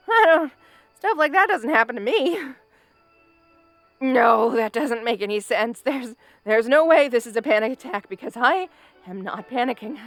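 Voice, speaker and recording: A woman's voice: high-pitched, fairly bright tone, dry recording. A woman voicing a brash but anxious young orc woman in an audio role-play, stammering, laughing nervously and insisting she is fine.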